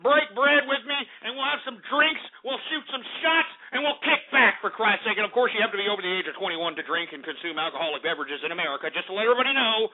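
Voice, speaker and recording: Loud, boisterous high-voiced male radio host. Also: fast talker, few pauses. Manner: loud, boisterous and indignant, swearing often. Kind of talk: ranting talk radio sign-off. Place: Austin, Texas. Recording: phone-like lo-fi internet radio.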